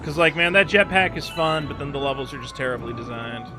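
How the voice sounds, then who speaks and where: A man with a voice on the higher side talks casually while streaming a video game. He rambles, swears freely and drops quick asides. Game music plays clearly beneath his voice. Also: expressive. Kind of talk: casual gameplay chat.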